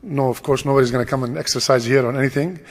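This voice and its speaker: A man's voice: mid-range voice, steady tone, racing. A man leading a mosque congregation in a cheerful, informal way, laughing often and mixing in Arabic phrases. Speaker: mosque leader announcing a conversion. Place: large mosque hall. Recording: long hall reverb.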